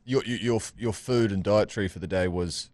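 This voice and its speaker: A man's voice: on the low side, fairly quick, a little mellow, no echo. A man, co-hosting a podcast and bantering with teasing jokes and frequent swearing. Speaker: podcast co-host. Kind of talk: casual chat.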